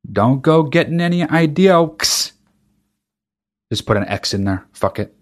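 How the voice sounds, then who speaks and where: A man's voice: on the high side, animated, measured pace. A man hosting a podcast, talking alone in a casual monologue, ranting with emphatic profanity and frequent restarts. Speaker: podcast host.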